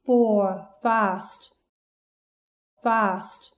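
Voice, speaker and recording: A woman reading English listening-test sentences aloud in a careful, deliberate way. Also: medium pitch, steady tone. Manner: careful, deliberate, each item said twice. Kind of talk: slow scripted exam reading.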